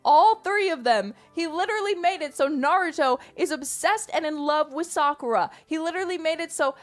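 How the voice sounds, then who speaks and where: A woman streamer ranting in casual, animated talk, emphatic and swearing freely. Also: sits high.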